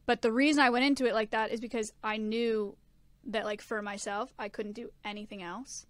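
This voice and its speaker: A woman's voice: a little high, fairly even intonation, fairly quick, no echo. A young woman co-hosting a podcast, explaining her side in a frank, casual way. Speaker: podcast co-host. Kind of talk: casual chat.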